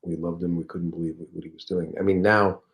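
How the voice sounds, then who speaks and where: Low-voiced man telling stories. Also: fast, gravelly. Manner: animated anecdotal storyteller. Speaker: guest, comedian and voice actor. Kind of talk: casual interview storytelling.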